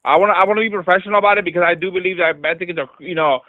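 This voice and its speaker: A man's voice: high voice, fairly even intonation, rapid-fire, no room sound. A man calling in to a live stream who rambles, stops short and repeats himself. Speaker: caller. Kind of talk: rambling phone call. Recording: dry tinny phone line.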